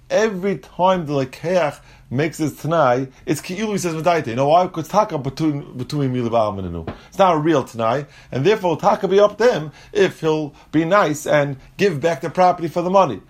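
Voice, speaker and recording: Animated man teaching a Talmud lesson. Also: brisk. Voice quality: mixes English with Aramaic and Hebrew terms, explains step by step. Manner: animated, jumps in pitch when acting out quotes.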